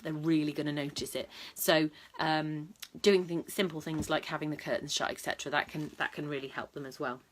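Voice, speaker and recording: Low-voiced woman giving casual dog advice. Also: fairly bright tone. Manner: chatty, matter-of-fact, many ums and restarts. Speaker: dog trainer and vlog host. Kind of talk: casual advice talk to camera.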